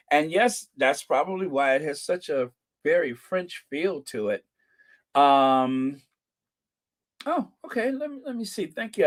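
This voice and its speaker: Chatty high-voiced man hosting a live stream. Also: a bit bright. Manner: chatty, thanks viewers by name, chuckles. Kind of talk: casual live-stream commentary.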